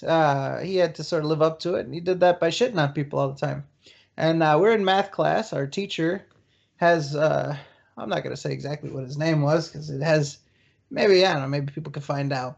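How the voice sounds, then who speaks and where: A man's voice: fairly high pitch, vocal fry. A man hosting a podcast, telling crude, laugh-filled stories in casual chat over a voice call. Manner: crude, storytelling, laughs a lot. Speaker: podcast host. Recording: dull lo-fi voice call audio.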